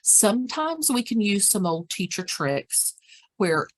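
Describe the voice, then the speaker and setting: A woman's voice: mid-range voice, very animated, slow pace. A woman presenting a dementia care training, speaking practically and repeating words for emphasis. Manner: acts out example phrases and whispers.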